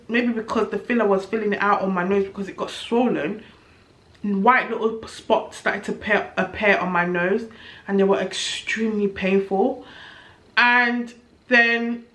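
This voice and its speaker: In an echoey room, a young female vlogger chats frankly through a review video, sounding exasperated and occasionally chuckling at her own expense. She has a slightly bright, mid-range voice.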